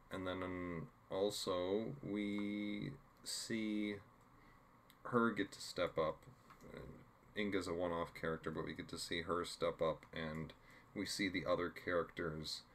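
A man with a very low, deep voice talks through a TV episode in casual podcast chat. He rambles and restarts his sentences, with faint ambience behind him. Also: fairly bright tone, slight background noise. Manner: rambling, halting with fillers and restarts. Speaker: podcast co-host.

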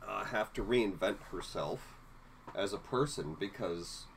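Very low-voiced woman chatting casually. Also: a little slow, creaky, slight background noise. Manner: relaxed, recaps plot with lively asides. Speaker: podcast co-host. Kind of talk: casual chat.

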